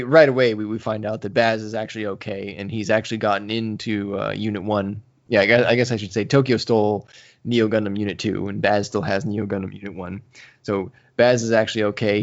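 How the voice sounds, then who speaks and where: A man co-hosting a podcast in casual chat, recapping a story with animated retellings and quotes. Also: lowish voice, highs cut off. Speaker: podcast co-host.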